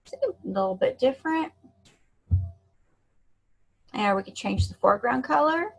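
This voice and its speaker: A woman giving a screen-share software tutorial in a chatty, encouraging way, talking to herself as she clicks. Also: high-pitched, expressive, measured pace, vocal fry, breathy edge, dull audio. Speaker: online marketing instructor.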